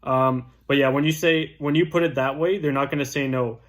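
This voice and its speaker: A man's voice: mid-range voice, steady tone, fairly quick. A young man casually teaching door-knocking scripts as a real estate agent, tagging his points with "right?". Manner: chatty, keeps asking "right?". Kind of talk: casual instructional talk.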